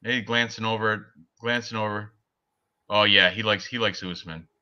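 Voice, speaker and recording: A man co-hosting a casual sports betting chat, talking excitably and laughing at his own jokes. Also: on the low side, moderate pace, dull audio. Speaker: podcast co-host.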